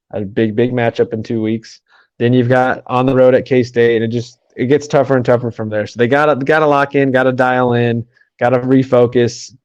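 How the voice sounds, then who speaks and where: A man from the talks sports in a quick, rambling podcast chat, piling up fillers as he goes. His voice sounds dry and a little dull. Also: medium pitch, darkish tone, no echo. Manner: quick, run-on talk with many "um"s.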